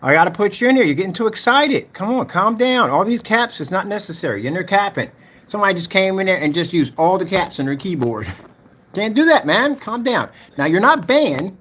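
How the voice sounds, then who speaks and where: Heated husky man ranting on a livestream. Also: high-pitched, big pitch swings, fairly quick, a bit bright. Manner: heated, mocking, repetitive, talks to chat directly. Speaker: livestream host.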